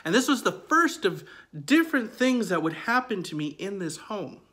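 A man's voice: high voice, sing-song, moderate pace, sharp tone. A man in his forties telling a true ghost story in a conversational, emphatic way, often repeating his phrases. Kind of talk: casual spoken storytelling.

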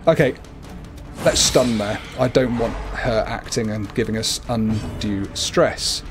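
A man's voice: slow pace, soft background music. A man casually commenting on a game he is livestreaming, chatty and playful. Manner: chatty, playful, often slips into a high cooing voice for his cat. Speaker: gaming livestreamer.

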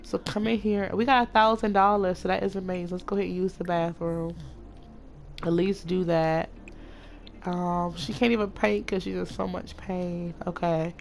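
A woman giving casual, chatty commentary as she plays a life-simulation game, talking excitedly to her viewers. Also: fairly low pitch, normal speed, gravelly, slight background noise. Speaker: let's play host.

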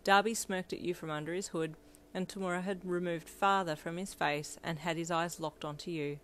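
Woman, fan audio story narrator, brisk plain reading, slightly low pitch. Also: fairly even intonation, fairly bright tone.

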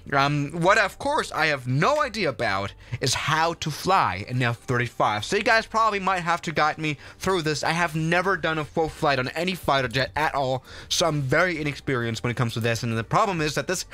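A man's voice: a little high, bright, forceful tone. A man streaming a flight sim, chatting casually to viewers in a rambling way full of fillers and restarts. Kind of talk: casual live gameplay commentary.

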